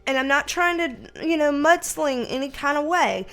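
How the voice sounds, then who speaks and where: A woman's voice: high-pitched, lively intonation, normal speed, few pauses, a bit bright. A woman giving a casual tarot reading on video, chatty and emotional, rambling with many fillers. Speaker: tarot reader.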